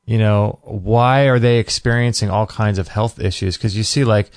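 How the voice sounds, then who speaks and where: A man in his thirties hosts a casual podcast, laying out his points earnestly. His voice sits a little low. The recording is dry and close-miked. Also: fairly even intonation, normal speed, a little mellow, no room sound. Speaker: podcast host. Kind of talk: casual chat.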